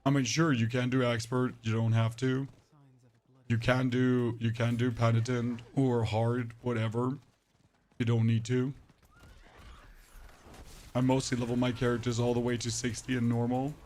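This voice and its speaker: A slightly hoarse man giving casual, rambling commentary while streaming a game, joking with his chat. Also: medium pitch, level tone, normal speed, long pauses, darkish tone, slight background noise. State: a bit hoarse.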